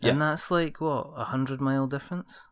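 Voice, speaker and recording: A man's voice: medium pitch, fairly even intonation, normal speed, smooth, no echo, studio quality. A man hosting a podcast, chatty and telling stories in casual conversation. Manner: chatty, storytelling, laughs at own impressions. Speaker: podcast host. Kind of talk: casual chat.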